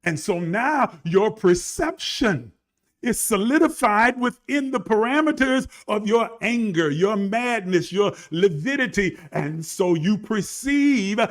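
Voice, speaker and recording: A man preaching a livestreamed sermon, building from low talk to shouted emphasis and calling on listeners to respond. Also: animated, slow pace. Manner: calls on online listeners to respond.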